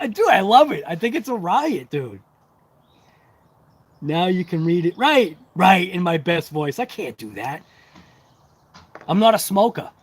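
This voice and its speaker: A man hosting a casual hobby livestream, chatting to viewers in a rambling, talkative, self-deprecating way. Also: high voice. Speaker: RC hobby channel host.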